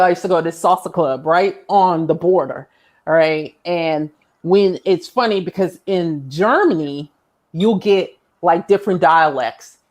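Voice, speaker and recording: An American woman telling a funny story in a casual livestream chat, animated and laughing often. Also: fairly low pitch. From United States. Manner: animated, laughs often, mimics herself in quotes.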